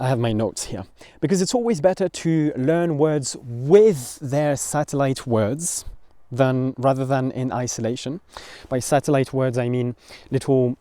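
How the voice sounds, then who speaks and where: A man's voice: medium pitch, warm tone, no room sound. A man from France with a French accent, teaching a pronunciation lesson and patiently repeating words to model the sounds.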